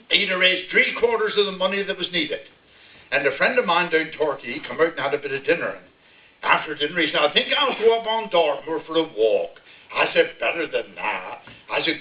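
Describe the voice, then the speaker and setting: An older man with a broad West Country accent, telling a humorous rural story with chuckles to a live audience. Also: fairly high pitch. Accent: West Country English. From Devon, England. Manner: broad rural yarn-spinning, chuckling as he tells it. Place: village hall, live audience. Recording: echoey hall, distant mic, dull sound.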